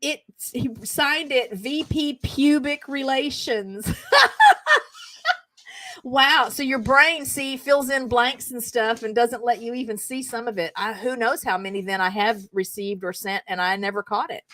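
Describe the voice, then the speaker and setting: A woman's voice: fairly high pitch, fairly even intonation, normal speed, hardly any pauses, fairly bright tone, no room sound. A middle-aged woman hosting her own show, chattily reading funny texts aloud and breaking into giggles. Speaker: show host. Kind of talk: casual reading aloud and chat.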